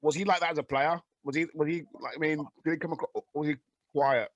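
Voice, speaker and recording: A man co-hosting a podcast, chiming in loudly and eagerly with questions. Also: fairly high pitch, fairly even intonation, quick pace, no echo, highs cut off. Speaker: podcast co-host. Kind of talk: casual chat.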